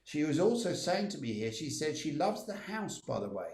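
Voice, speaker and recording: A man's voice: a little high, sing-song, normal speed, darkish tone, roomy sound. A man hosting a live stream as a medium, relaying messages from spirits with many fillers and repeated phrases. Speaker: medium giving readings.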